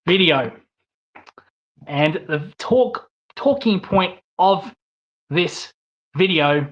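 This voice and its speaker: A man's voice: on the high side, a bit bright, highs cut off. A young man hosting his own vlog, talking bluntly and casually about his football club with fillers, restarts and the odd swear. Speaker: vlog host and football fan. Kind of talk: casual opinionated monologue.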